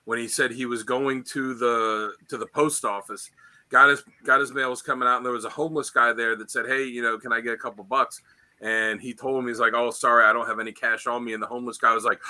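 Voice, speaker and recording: A man with a very bright, forceful voice co-hosts a casual podcast chat. He tells stories in an animated way and acts out the quoted lines. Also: medium pitch. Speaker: podcast co-host.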